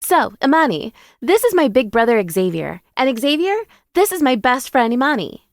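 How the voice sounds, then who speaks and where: A woman voicing an excited young female friend who gushes in a high, eager voice. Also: moderate pace, dry recording, clean studio sound.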